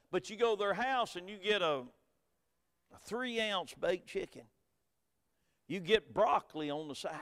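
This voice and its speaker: Preaching with a Southern American accent, this middle-aged man delivers a folksy, story-driven sermon that shifts from hushed asides to forceful, emphatic moments. He has a high, clear voice with a resonant tone, captured with hall reverb.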